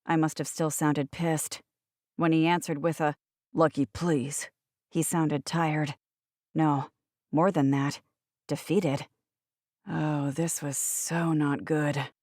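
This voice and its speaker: A woman's voice: sits low, little pitch movement, slow pace, darkish tone, no room sound. A woman narrating a first-person audiobook with wry, sardonic asides, recorded on a close studio mic.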